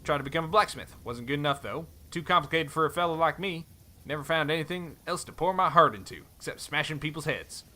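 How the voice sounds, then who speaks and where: Brief: man reading as a rough-hewn sellsword, cowboy drawl, bright, sly and folksy. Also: a little high, fast talker. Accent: put-on cowboy drawl. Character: rough friendly male mercenary, brawler.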